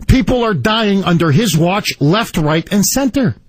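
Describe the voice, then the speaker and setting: A man's voice: sits high, lively intonation, measured pace, no room sound. A man hosting a political talk radio show, delivering an indignant, emphatic monologue full of repetition.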